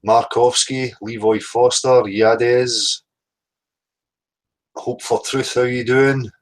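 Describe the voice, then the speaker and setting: A man's voice: medium pitch, flat delivery, slow pace, poor audio. A man hosting a casual livestream, blunt and sweary, greeting chat viewers by name. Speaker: livestream host.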